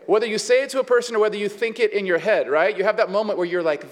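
High-voiced pastor preaching in a hall. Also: male voice, racing, hardly any pauses. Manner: conversational, with many fillers and asides. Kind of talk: sermon.

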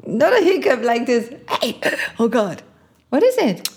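Creaky-voiced giggly woman. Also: fairly high pitch, big pitch swings, unhurried, a little mellow. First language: not English. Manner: giggly, searching for words. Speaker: podcast co-host. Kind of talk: casual chat.

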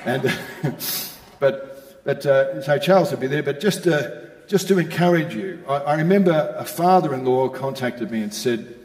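An older man preaching in a roomy hall with a long, ringing reverb. He tells a personal story in a mid-pitched voice, then lifts into emphatic exhortation. The sound carries the echo of a large church space. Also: darkish tone. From Australia. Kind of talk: sermon testimony. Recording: echoey hall.

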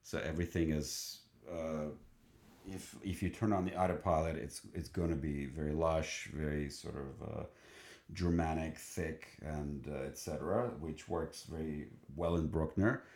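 Deep-voiced man, eager and halting. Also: fairly even intonation, a little mellow, reverberant. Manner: enthusiastic, halting with many restarts and fillers. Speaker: choral singer. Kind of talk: conversational storytelling.

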